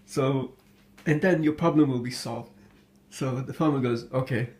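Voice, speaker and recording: A man's voice: medium pitch, a little slow, darkish tone. Amused, hesitant male storyteller. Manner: hesitant, many fillers and restarts, amused. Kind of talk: casual storytelling.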